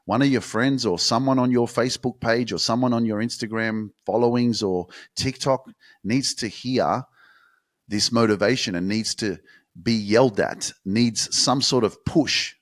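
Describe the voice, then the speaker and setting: A man's voice: medium pitch, unhurried. A young man from Australia hosting a motivational podcast, talking bluntly and swearing freely.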